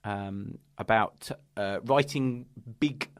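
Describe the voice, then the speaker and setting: A man co-hosting a podcast in casual chat, earnest and hesitant, with many pauses and ums. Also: lowish voice, smooth, dry recording, clean studio sound. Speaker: podcast co-host and children's author.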